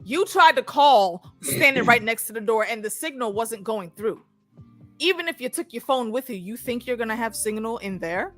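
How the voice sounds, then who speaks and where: An animated woman co-hosting a casual talk about a TV episode, her voice pitched fairly high. She swears freely and acts out the characters as she talks. Faint music plays underneath. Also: moderate pace. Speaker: podcast co-host. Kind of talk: casual chat reviewing a TV episode.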